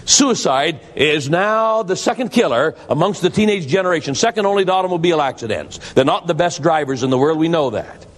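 With lively intonation and a slightly fast delivery, a man preaches with hardly any pauses, dramatizing a story emphatically and shifting pitch for effect. His sermon echoes with long hall reverb.

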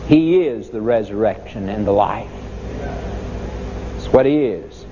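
A man's voice: lowish voice, animated, measured pace. A man preaching a sermon, emphatic, with dramatic rises and falls in his voice. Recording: echoey hall, dull lo-fi sound, faint noise.

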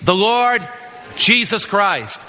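A man's voice: high voice, lively intonation, slow pace, pushed and bright, slight background noise. A man preaching a sermon, emphatic and quizzing his listeners with questions. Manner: emphatic, asks the audience questions. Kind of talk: evangelistic sermon. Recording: long hall reverb.

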